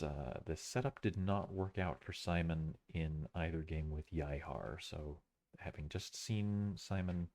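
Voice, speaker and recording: A man's voice: very deep voice, a little mellow. A man giving casual commentary on a board game replay, thinking aloud with many fillers and self-corrections.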